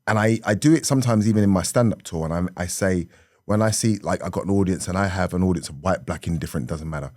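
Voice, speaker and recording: Animated South London man, lowish voice. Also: fast talker, no room sound, clean studio sound. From South London, England. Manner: lively, laughing, slips into acted voices. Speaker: comedian guest. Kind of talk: animated podcast storytelling.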